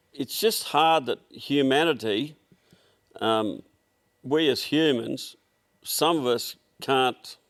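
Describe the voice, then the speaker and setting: An older Australian man with a workshop, telling rambling, blunt anecdotes full of fillers and restarts in a casual interview. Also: mid-range voice. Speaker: workshop owner, guest.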